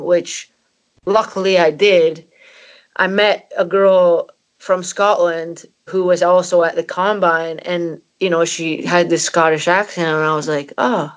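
Woman, 30s, from Canada, interview guest, candid personal storytelling, frequent fillers, slightly low pitch. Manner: candid and emotional, many "you know" fillers. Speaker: footballer guest.

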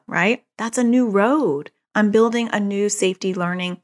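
A woman's voice: mid-range voice, normal speed. A woman speaking as a parent educator, explaining a therapy approach in an earnest way, working through concrete examples and repeating her key phrases. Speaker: parent educator on child anxiety.

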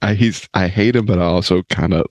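Deep-voiced, dry co-host. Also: male voice, a little fast, darkish tone, no echo. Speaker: podcast co-host. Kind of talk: casual comedic chat.

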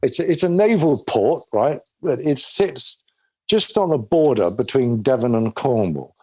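A man's voice: medium pitch, expressive, measured pace, darkish tone, no room sound. English man, actor guest, rambling storyteller, dry close sound. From England. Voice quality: rambling storyteller with many restarts. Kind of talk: casual interview talk.

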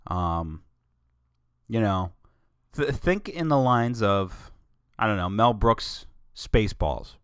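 A man's voice: on the low side, animated, takes it slowly, pauses often, fairly bright tone, clean tone, no room sound, studio quality. A man hosting a solo show, talking casually in a rambling, opinionated way with many digressions. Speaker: podcast host.

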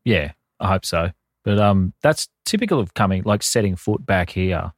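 A man's voice: low voice, animated, moderate pace, no echo, studio quality. A man in his thirties, co-hosting a casual podcast, with laid-back, wry banter and short interjections. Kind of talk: casual chat.

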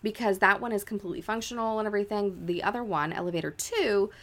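Talking fast in a medium-pitched voice, this young adult woman shares a ghost story on the podcast she co-hosts. She is casual and chatty, leaning on "like" fillers and dramatic voices for quoted lines.

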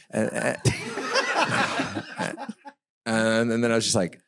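On a festival stage before a live audience, a man co-hosting a podcast tells self-deprecating stories and laughs often. His medium-pitched voice is very slow and creaky with huge swings in pitch, and the background is noisy.

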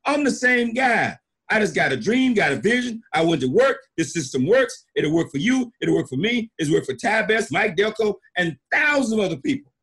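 A man's voice: a little high, a bit bright, husky. A middle-aged man, a network marketing leader, giving an emphatic motivational talk and acting out stories with repeated phrases. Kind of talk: motivational storytelling.

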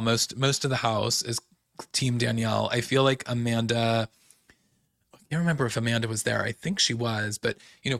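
A man hosts a casual recap podcast, talking loosely with plenty of fillers and quick quoted asides. His voice is gravelly with fry and stays fairly flat in pitch. The sound is dry and close. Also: dry recording. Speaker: podcast host recapping reality TV. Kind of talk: casual chat.

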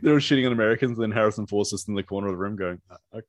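Low-voiced man rambling about a movie. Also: rapid-fire, dry recording. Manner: rambling, laughs often, many fillers and restarts. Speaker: podcast co-host. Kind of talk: casual movie commentary chat.

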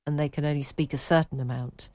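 Low-voiced woman host, dry recording. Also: fairly even intonation, fast, a little mellow, dry recording. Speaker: podcast host. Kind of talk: casual chat, reading listener emails.

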